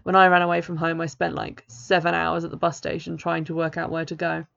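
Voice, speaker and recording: A woman reading the part of a friendly, posh young male runaway who speaks softly and reassuringly. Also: sits low, little pitch movement, fairly quick, creaky, full character voice. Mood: casual. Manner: soft, reassuring, casual. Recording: dull lo-fi recording.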